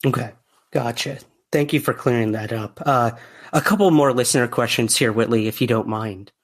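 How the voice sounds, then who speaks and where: A man's voice: mid-range voice, moderate pace. A man hosting a podcast interview, friendly, with lots of fillers and restarts as he reads out listener questions. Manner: friendly, hesitant with many fillers. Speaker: podcast host.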